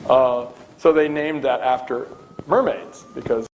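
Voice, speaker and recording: A man rambling and hesitating through a tangent, full of ums and restarts. He speaks at a middle pitch, and faint noise sits behind his voice in the played-back clip. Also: unhurried, a little mellow, low-quality recording. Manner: meandering, hesitant, many ums. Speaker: speaker in a clip being reviewed. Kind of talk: rambling talk.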